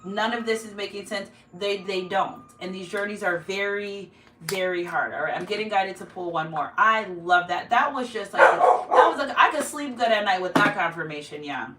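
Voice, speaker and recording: A woman's voice: mid-range voice, moderate pace, background noise. A woman giving a casual tarot reading at home, emphatic and repeating her points. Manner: emphatic, repeats herself, chatty. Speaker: tarot card reader. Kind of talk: casual spiritual reading to camera. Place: home room. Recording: echoey room, mic far off.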